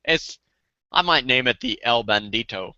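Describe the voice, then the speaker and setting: A man's voice: medium pitch, expressive, moderate pace, bright, forceful tone, clean tone, dry recording, dull audio. A man hosting a casual chat, joking around, swearing and laughing often. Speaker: channel host.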